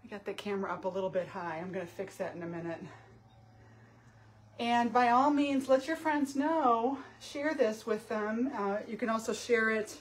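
A woman's voice: on the high side, moderate pace. A middle-aged woman hosting a live art demo from her home studio, chatting casually, greeting viewers by name and laughing often.

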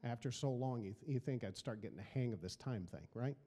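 A middle-aged pastor preaches a sermon, building emphasis through repeated phrases. His medium-pitched voice is dark and husky, his delivery brisk, and the sound carries the feel of a big room.

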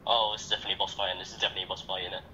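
A young man chatting casually while playing a co-op video game, quick and hesitant with many ums. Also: deep voice, flat delivery, sharp tone, dull audio, a little hiss or hum. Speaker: co-op gamer. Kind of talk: casual gaming chat.

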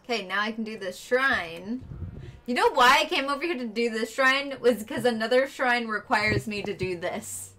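A woman's voice: a little high, expressive, moderate pace, pushed and bright. A woman streaming herself playing a video game, chatting casually with viewers and friends in the room.

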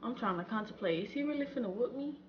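A young woman in her late teens telling a dramatic storytime vlog in an animated, slangy way. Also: on the high side, fast, lo-fi sound, a little hiss or hum. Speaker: vlogger.

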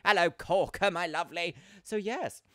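A woman's voice: lowish voice, normal speed, pushed and bright, no room sound, studio quality. A woman streaming a game live and chatting casually. She greets her viewers by name and calls them "my love". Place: at home.

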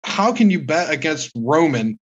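A man's voice: on the high side, sing-song, normal speed, muffled recording. A man co-hosting a casual podcast, giving blunt, ranting opinions and swearing freely. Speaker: podcast co-host. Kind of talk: casual podcast review chat.

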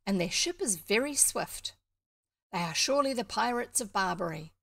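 A woman voicing a loyal male dog who growls and mumbles gruffly in his sleep, in a storybook reading. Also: medium pitch, animated, moderate pace, a bit bright, no echo, clean studio sound.

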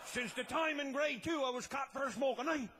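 A man telling a tall tale as a comedy monologue, loud and laughing, often breaking into shouts. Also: very high-pitched, brisk, a little hiss or hum. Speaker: comic storyteller.

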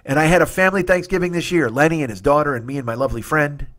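Profane excitable comedian man. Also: a little high, very fast. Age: 40s. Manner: profane, excitable, self-interrupting. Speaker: comedian podcast host. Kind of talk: rambling comedic monologue.

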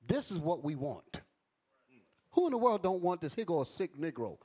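A man's voice: fairly high pitch, very animated, moderate pace, a little mellow, husky. A man teaching a Bible class in an emphatic preaching style, calling out to his listeners. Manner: emphatic, calls out to the audience.

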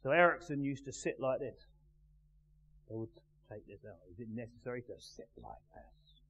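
A man teaching a live class in a measured, emphatic way, pausing and putting questions to the group. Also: medium pitch, lively intonation, a bit bright. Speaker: NLP trainer. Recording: tinny phone-like sound with faint hum.

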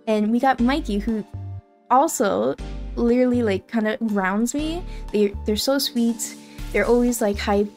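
A woman's voice: on the high side, unhurried, a little mellow, faint music behind. A young adult woman streaming casually, bubbly and gushing, with lots of "like" in her talk. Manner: bubbly, gushing, heavy use of filler "like". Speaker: VTuber streamer. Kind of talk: casual live-stream chat.

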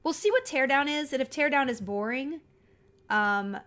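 A woman's voice: high voice, lively intonation, normal speed, fairly bright tone. A woman live-streaming a video game in casual, chatty talk, scattered and reading viewer comments aloud as she goes.

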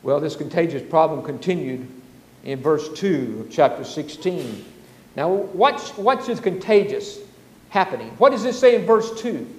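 A man preaching a sermon as pastor, animated, acting out the grumbling crowds. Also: on the high side, measured pace, echoey room, in a large hall, poor audio. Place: church sanctuary.

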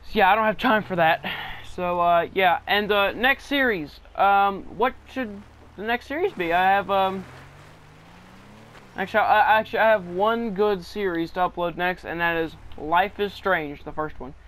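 A man's voice: high-pitched, moderate pace, a bit bright. A man talking casually over gameplay, rambling with many restarts as a gaming channel host.

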